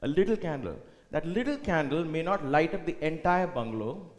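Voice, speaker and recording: A man giving a reflective spiritual talk at a retreat, often dropping to a soft hush. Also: fairly high pitch, big pitch swings, brisk. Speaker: retreat speaker. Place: retreat hall. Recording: echoey hall with long reverb.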